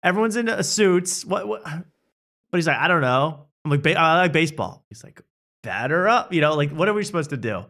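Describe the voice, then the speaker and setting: Animated man telling a funny story. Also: on the high side, a little fast. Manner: animated, self-mocking, acts out quotes. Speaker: host. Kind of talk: casual comedic storytelling.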